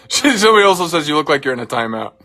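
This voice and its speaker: A woman's voice: low-pitched, very animated, quick pace, a bit bright. A woman hosting a phone livestream, teasing her friend, laughing often and reading viewer comments aloud. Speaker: livestream host. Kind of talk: casual livestream chat.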